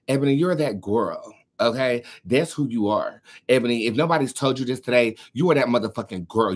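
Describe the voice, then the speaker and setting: A man's voice: lowish voice, breathy edge. A man hosting a live tarot stream in casual chat, sassy and profane, calling his viewers darling and girls while he sorts out his setup. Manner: chatty, talking to himself while fixing tech. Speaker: tarot reader hosting a livestream.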